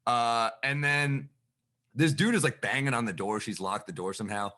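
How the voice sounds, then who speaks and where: A man guesting on a podcast as a comedian, telling a story in a casual, animated way and swearing freely. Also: medium pitch, moderate pace. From New York. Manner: animated, profane storyteller who acts out exchanges.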